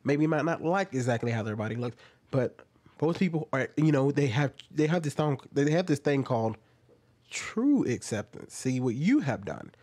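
A man's voice: medium pitch, lively intonation, moderate pace, a little mellow. A young man giving reaction commentary, arguing with a string of rhetorical questions.

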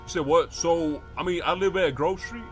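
A man role-playing a mechanic in a game, excitable, slangy and swearing a lot. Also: fairly high pitch, normal speed, faint music behind. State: out of breath. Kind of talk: in-character game role-play.

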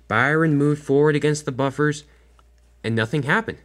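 A man's voice: fairly high pitch, normal speed, fairly bright tone. A young man narrating a homemade toy train story, often stumbling and restarting his sentences.

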